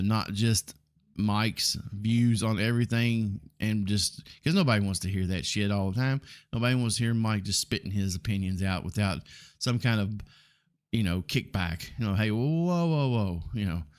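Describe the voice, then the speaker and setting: A forty-something man with a Southern drawl talks loosely through a solo podcast, blunt and a little rambling, filling pauses with ums. His voice sits on the low side. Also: smooth. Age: 40s. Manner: rambling, blunt, frequent ums and mild swearing. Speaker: podcast host. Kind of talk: casual solo podcast talk.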